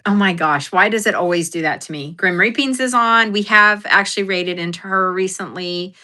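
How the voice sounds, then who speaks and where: Young adult woman livestream host, bright voice, giggly and rambling. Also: mid-range voice, moderate pace. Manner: giggly, self-deprecating, rambling with fillers. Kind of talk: casual livestream chat.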